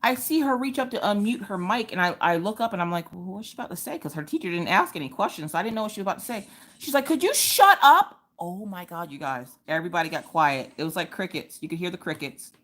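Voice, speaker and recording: Woman in her thirties, livestream host, lower voice, animated chatty storyteller. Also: fast, few pauses. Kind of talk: casual chat and storytelling. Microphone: streaming from home.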